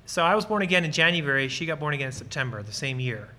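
A man from Lancaster County speaks to a church audience, earnest and eager as he tells personal stories and answers questions. His voice sits a little high for a man. It is bright and forceful, with a tense edge. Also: animated, quick pace. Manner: acts out short bits of dialogue while explaining. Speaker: guest speaker on ministry.

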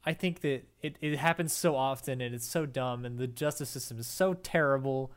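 Young man, casual podcast talk, rambling, lots of ums and restarts, mid-pitched voice. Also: fairly quick, clear, resonant tone. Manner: rambling, many fillers and restarts. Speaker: podcast co-host. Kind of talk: casual chat.

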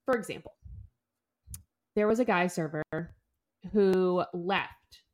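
A young woman co-hosting a podcast, telling a story in an animated, casual way, full of "like" and the odd swear. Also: on the low side, takes it slowly. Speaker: podcast co-host. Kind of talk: casual chat.

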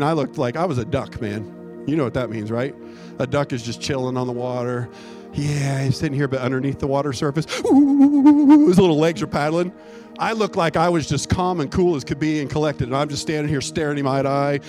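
A male pastor preaches in a church, telling his story with animated, emphatic delivery. His voice sits high for a man, and clear music plays beneath the sermon. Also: fast talker. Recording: music playing behind.

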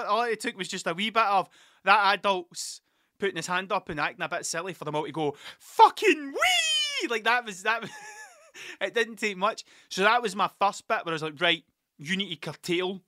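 A man's voice: sits high, sharp tone, no room sound, studio quality. A man, the podcast's host, telling a rambling, sweary and self-mocking story in casual monologue into a desk mic.

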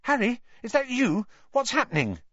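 Brief: male reader playing a clumsy, apologetic young teen boy in a storybook reading; high, flustered, dry. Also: sing-song, normal speed, bright, forceful tone, dry recording, lo-fi sound, full character voice.

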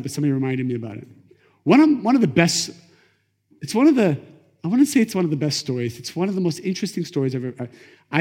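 A middle-aged man teaching a class on Kabbalah, telling stories in a lively conversational way. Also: fairly high pitch. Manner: animated, conversational, acts out quotes. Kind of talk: lecture storytelling. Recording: echoey lecture hall.

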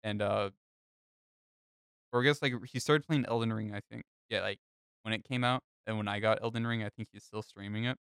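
A man's voice: lowish voice, steady tone, a little fast, creaky, fairly bright tone, clear, resonant tone, no room sound. A young man in casual podcast chat, telling a long rambling story full of fillers and swearing.

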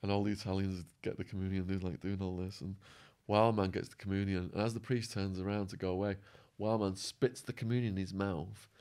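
A man guest in an interview, telling stories animatedly and acting out quotes, his voice going hoarse. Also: low-pitched, flat delivery, brisk, darkish tone. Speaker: podcast guest. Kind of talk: storytelling in an interview.

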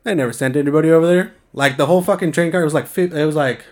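A man's voice: on the high side, rapid-fire. A young man from the San Francisco Bay Area telling a story in a laid-back, slangy way, swearing often. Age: young adult. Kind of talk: casual storytelling chat.

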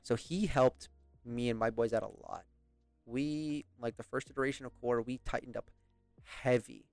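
A man's voice: medium pitch, moderate pace, vocal fry, darkish tone, no echo, faint music behind. Young British man, casual storyteller, swears a lot and laughs along, dry close mic. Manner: rambling, profane, laughs often. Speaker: podcast host.

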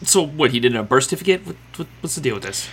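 A man's voice: mid-range voice, expressive, very fast, a bit bright, husky. A man co-hosting a casual podcast, teasing and interjecting playfully. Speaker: podcast co-host.

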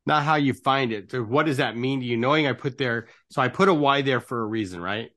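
A man's voice: mid-range voice, fairly quick, a bit bright. A man hosting a casual interview, earnest and encouraging, who tags nearly every phrase with "right?". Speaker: podcast host and life coach.

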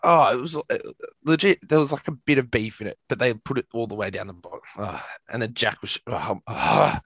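A man's voice: medium pitch, animated, a little fast, a bit bright, husky, dry recording. Young Australian man, dry close sound. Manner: rambling, swears, laughs often, restarts. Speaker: podcast co-host. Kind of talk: casual chat.

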